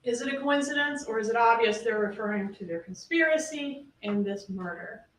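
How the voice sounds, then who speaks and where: A woman's voice: on the high side, normal speed. Emphatic woman prosecutor in a courtroom. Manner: emphatic, rhetorical questioning. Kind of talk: closing argument to a jury. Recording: roomy courtroom audio from a distance, faint hiss.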